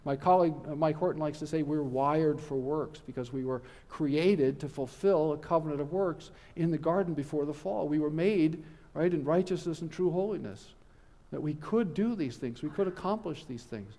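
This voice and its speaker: A middle-aged man delivers a conference lecture, earnest and emphatic with the odd wry aside. His voice sits a little high, and his words ring out through the long reverb of a church hall. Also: normal speed, dark tone.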